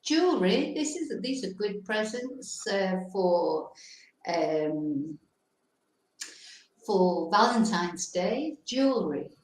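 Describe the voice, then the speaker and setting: Woman hosting, teaching words real slow, lots of room echo. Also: medium pitch, animated, darkish tone, a little hiss or hum. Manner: slow, teacherly, switches between English and Spanish. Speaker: host. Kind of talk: bilingual vocabulary chat. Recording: very echoey room.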